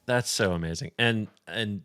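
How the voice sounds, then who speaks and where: A male podcast host with a low voice speaks slowly and sincerely, stumbling over repeated words. His tone is smooth and clear. The sound is dry and close to the mic. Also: fairly bright tone, no room sound. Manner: earnest, repeats words while thanking. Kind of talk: casual interview chat.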